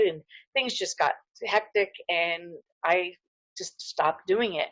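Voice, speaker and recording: A woman's voice: lowish voice, takes it slowly, dry recording, low-quality recording. A middle-aged woman giving a casual, heartfelt wellness talk to camera, earnest and full of fillers and restarts. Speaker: holistic dental hygienist.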